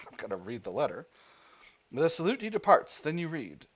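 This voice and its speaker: A man's voice: on the high side, wildly swooping pitch, normal speed, slightly rough. Man musing through a strategy game. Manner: thinks aloud, reads game text aloud with hesitations. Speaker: gaming channel host. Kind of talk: casual strategy game commentary.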